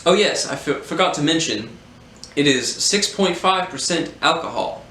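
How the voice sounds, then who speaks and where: A man's voice: on the high side, animated, pushed and bright. A man putting on a hammy posh beer snob. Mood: playfully pompous. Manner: theatrical, savoring pauses. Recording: roomy echo, faint hum.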